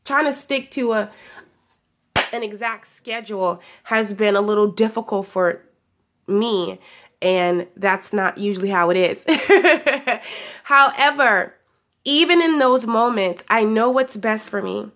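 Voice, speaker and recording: A young woman giving a casual daily spiritual pep talk, chatty and affectionate, her voice still a little hoarse from recovering. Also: medium pitch, lively intonation, slow, fairly bright tone. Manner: chatty and affectionate, laughs often, calls listeners "honey". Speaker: spiritual guidance vlogger.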